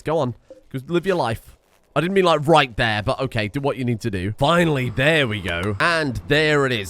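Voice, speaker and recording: A man giving excitable, sweary let's play commentary, laughing often. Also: mid-range voice. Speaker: gaming streamer.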